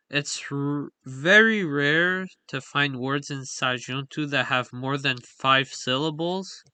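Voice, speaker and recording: A man's voice: mid-range voice, sharp tone, clear, resonant tone, no echo. A man explaining a language's stress patterns in a casual, hesitant way, full of fillers and self-corrections. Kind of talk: casual explainer with on-screen examples.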